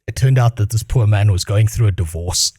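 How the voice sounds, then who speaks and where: A man's voice: on the low side, brisk, mellow, husky, no echo, clean studio sound. A man streaming his reaction to a clip, in casual, crude, rambling talk that keeps breaking into laughter.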